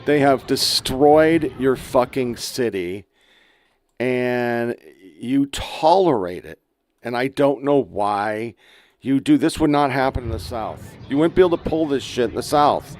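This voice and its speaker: A man's voice: mid-range voice, lively intonation, unhurried, a little mellow, dry recording. A man from the United States hosting a political podcast, ranting crudely and with exasperation while playing clips. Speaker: podcast host. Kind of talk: profane political commentary.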